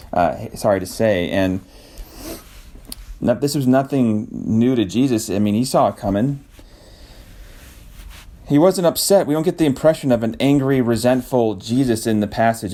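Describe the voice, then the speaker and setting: A man with a low, mellow voice talks through scripture in a loose, reflective way. He rambles a little, backs up to correct himself and laughs softly as he goes. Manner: thoughtful, rambling with restarts and soft laughs. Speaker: podcast host. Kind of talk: casual devotional talk.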